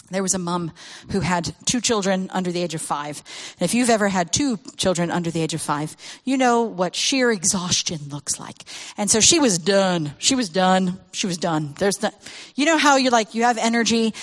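A woman giving a storytelling talk to parents as a children's ministry speaker, acting out the voices she quotes and laughing often. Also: mid-range voice.

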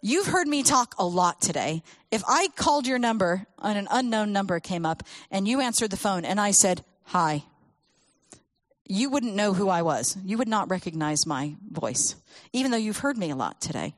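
A woman speaking to a church audience about children and faith, telling stories with lively acted quotes. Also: medium pitch, normal speed, dry recording. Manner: animated storytelling with acted quotes.

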